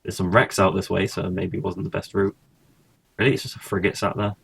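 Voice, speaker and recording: A man's voice: low-pitched, little pitch movement, a little fast, creaky, fairly bright tone, slightly rough. A man casually commentating his own gameplay, thinking aloud and swearing now and then. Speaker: gaming streamer.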